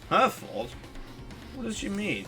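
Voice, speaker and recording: A male streamer with a high, bright voice who talks through a game slowly, chatty and joking as he goes. Faint game music plays under his commentary. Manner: chatty, jokey, rambling. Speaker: let's-play streamer.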